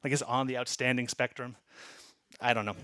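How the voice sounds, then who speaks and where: Bright, rambling stand-up comedian, a man. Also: mid-range voice, steady tone, fairly quick. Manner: rambling, profane, self-deprecating.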